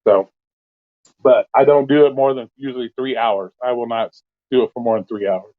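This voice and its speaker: A man with a mid-range voice and steady tone talks at normal speed while hosting an open call-in stream. Blunt and constantly swearing, he rants loosely in casual, profane chat. His voice is thin and phone-like, and the sound is dry and close without any room.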